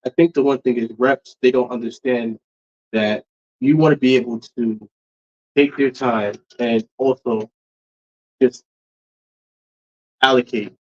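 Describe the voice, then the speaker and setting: A man's voice: medium pitch, fairly even intonation, unhurried, pauses often, a little mellow. A man, a regular at the cigar shop, chatting casually on a podcast and rambling with constant "you know" fillers. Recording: dull lo-fi podcast audio.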